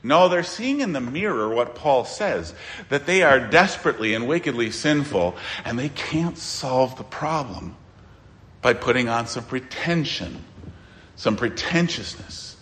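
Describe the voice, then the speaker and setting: A man preaching a sermon as pastor, emphatic, with dramatic pauses and sudden quiet asides. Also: fairly high pitch, big pitch swings, in a large hall.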